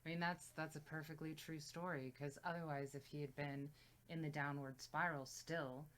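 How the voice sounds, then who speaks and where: A woman's voice: deep voice, steady tone, moderate pace, a bit bright. A woman co-hosting a music reaction video in casual chat, thoughtful and reflective as she talks. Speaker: reaction channel co-host.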